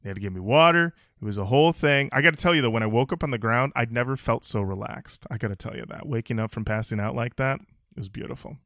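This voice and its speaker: A man hosting a podcast, telling stories in a jokey, animated way. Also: mid-range voice, fast, creaky, dry recording, studio quality. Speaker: podcast host. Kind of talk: casual podcast chat and storytelling.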